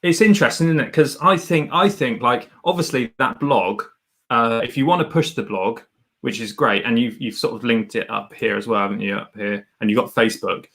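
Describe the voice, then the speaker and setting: A man's voice: medium pitch, a little fast. A man hosting a livestream, chatting casually and laughing often as he gives advice. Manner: animated, rambling, laughs often. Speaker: host reviewing a guest's channel.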